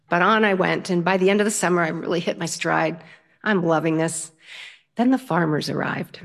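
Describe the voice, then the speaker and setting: An older woman storyteller, lively and self-mocking as she tells a funny personal story on stage. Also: on the low side, normal speed, vocal fry.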